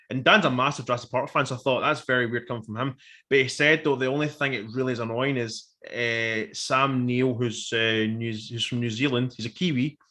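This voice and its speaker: A man, co-hosting a casual review chat, animated and sweary, acting out quotes. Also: medium pitch. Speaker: podcast co-host.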